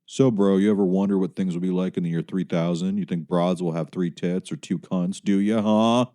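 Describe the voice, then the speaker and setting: A man's voice: sits low, steady tone, fairly quick, warm tone, close to an everyday voice. A man voicing an erratic, suspicious male patient who preaches about being saved. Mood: leering. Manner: suspicious, snapping, leering.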